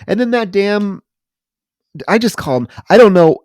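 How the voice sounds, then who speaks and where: A man's voice: high-pitched, animated, unhurried, darkish tone, no echo, clean studio sound. A man co-hosting a podcast, recapping a film plot with wry mock outrage in casual chat. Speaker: podcast co-host.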